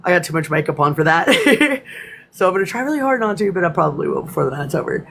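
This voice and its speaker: A woman's voice: lowish voice, big pitch swings, fast talker, gravelly, a bit bright. Woman host, casual live chat, laughs a lot, on the verge of tears, faint background noise. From East Texas. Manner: emotional, laughs often, close to tears. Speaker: host of a live spiritual class.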